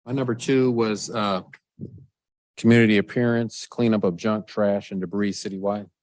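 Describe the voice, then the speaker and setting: A man in a government budget meeting, naming his priorities one by one in a measured way. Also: lowish voice, steady tone, a little mellow, no room sound. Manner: measured, deliberate listing.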